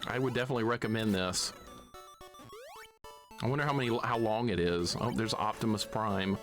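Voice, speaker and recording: A man's voice: lowish voice, a little fast, fairly bright tone, faint music behind. A man from Alabama giving live commentary on a retro game, swearing at it and chuckling often. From Alabama, USA. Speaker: streamer.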